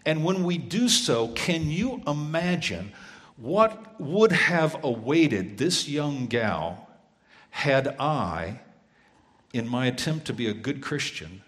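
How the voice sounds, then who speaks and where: A man's voice: medium pitch, very animated, slow pace, fairly bright tone. Guy preaching, telling his story, acts out the lines, big reverb hall. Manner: earnest storyteller who acts out dialogue. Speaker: pastor. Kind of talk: sermon storytelling.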